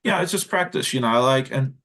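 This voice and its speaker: A man's voice: medium pitch, expressive, brisk, fairly bright tone. Easygoing Australian man hosting a chat. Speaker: host. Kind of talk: casual chat.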